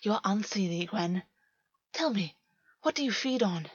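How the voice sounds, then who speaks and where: A woman voicing a cunning, taunting male fae who speaks in a soft, mocking croon. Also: mid-range voice, animated, unhurried, slightly rough, lo-fi sound.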